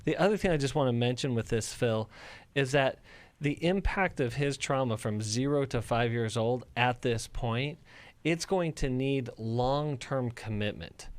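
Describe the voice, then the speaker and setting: A man's voice: mid-range voice, unhurried, no room sound. A man co-hosting a radio advice show as a counselor, earnest and thoughtful.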